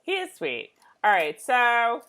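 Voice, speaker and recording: A woman's voice: fairly high pitch, sing-song, slow, sharp tone. A woman co-hosting a casual chat who giggles often, uses lots of fillers and acts out scenes in playful voices. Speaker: podcast co-host.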